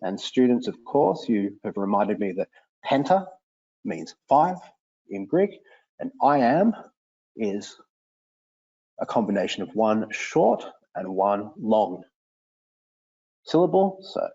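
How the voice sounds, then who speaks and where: A man teaching, demonstrating software for a lesson in an explanatory, enthusiastic way. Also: slow, pauses often, breathy edge, muffled recording. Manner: explanatory, enthusiastic, with lively pitch swings.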